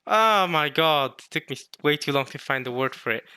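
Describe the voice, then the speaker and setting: A man casually reading a comic chapter aloud and reacting to it, excitable, with mild swearing and frequent self-corrections. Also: mid-range voice, quick pace, no echo, studio quality. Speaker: manga reaction YouTuber.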